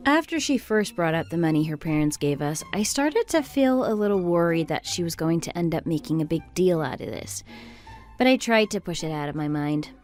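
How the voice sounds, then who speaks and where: A woman voicing a level-headed young wife who narrates and argues calmly with her sister-in-law. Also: lowish voice, a little fast, faint music behind, close to an everyday voice. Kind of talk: texting-story voice acting.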